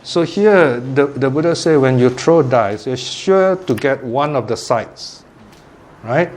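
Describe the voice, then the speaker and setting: A man giving a dharma talk, telling a parable in a lively, animated way and often laughing. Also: mid-range voice, takes it slowly. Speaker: Buddhist teacher.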